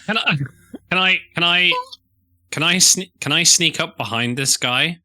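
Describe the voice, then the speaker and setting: Eager, very bright-voiced man player. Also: on the high side, measured pace, dry recording, clean studio sound. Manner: eager, stumbling restarts. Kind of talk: casual game chat.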